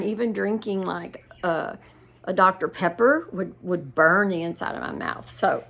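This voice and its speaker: Older woman, homey vlogger; gravelly, meandering chat. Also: mid-range voice, fairly bright tone. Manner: rambling storytelling with laughs. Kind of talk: casual chat to viewers.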